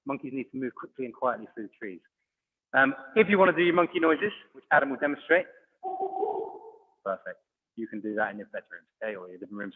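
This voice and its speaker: A man coaching a children's online exercise class, encouraging and calling out commands. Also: mid-range voice. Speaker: judo coach. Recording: phone-like audio, long hall reverb.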